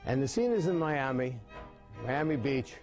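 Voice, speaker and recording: A man in his seventies explaining mime and telling jokes with lively storytelling, his voice rising high as the stories build. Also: normal speed, soft background music. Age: 70s. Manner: animated storytelling with big pitch jumps.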